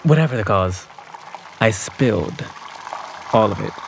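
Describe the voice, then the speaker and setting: A man's voice: fairly low pitch, animated, a little slow, gravelly, a little hiss or hum. A young man narrating his own story in an audio drama, reflective and subdued. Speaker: narrator and lead character.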